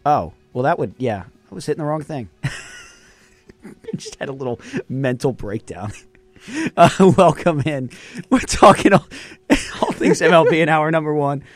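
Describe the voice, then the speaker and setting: A man's voice: a little high, unhurried, long pauses, faint music behind. A young man hosting a college radio sports talk show, in casual banter full of laughs and fillers.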